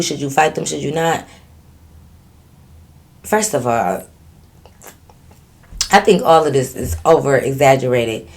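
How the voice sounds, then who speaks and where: A woman's voice: low-pitched, a little mellow. A woman hosting her channel, reading a viewer's story aloud and breaking in with sassy, teasing asides. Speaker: channel host.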